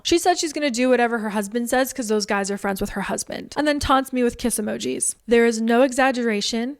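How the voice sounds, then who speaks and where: A woman speaking straight to camera with a slightly high voice, blunt and indignant as she tells her side of a feud. She keeps slipping into quick acted-out quotes of what other people said, then drops back to her own flat-out tone. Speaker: online commentator. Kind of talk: direct-to-camera storytelling.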